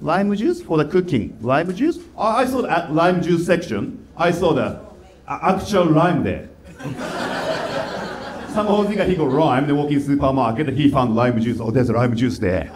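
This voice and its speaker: A man with a Japanese accent performs stand-up in halting, plain English, drawing out deadpan complaints. His pitch still rises and falls a good deal. The echo of a club room hangs around his voice. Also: crowd noise. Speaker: stand-up comedian. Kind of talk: stand-up comedy set. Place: comedy club stage.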